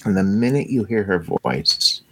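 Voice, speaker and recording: A man co-hosting a casual movie chat show, talking enthusiastically with halting restarts. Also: fairly low pitch, very animated, a bit bright, slightly rough, dry recording. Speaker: co-host of a movie watch show.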